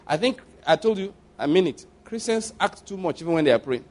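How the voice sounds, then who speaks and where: Conversational preaching man, higher voice. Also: expressive, fairly quick, few pauses, a little mellow. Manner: conversational, repeats phrases for emphasis. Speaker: pastor. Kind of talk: sermon.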